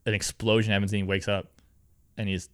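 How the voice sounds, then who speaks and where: A man's voice: on the low side, little pitch movement, fast talker, fairly bright tone, no echo, clean studio sound. A young man co-hosting a casual podcast, recapping a cartoon episode in a rambling way, full of "like", swearing and laughter. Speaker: podcast co-host.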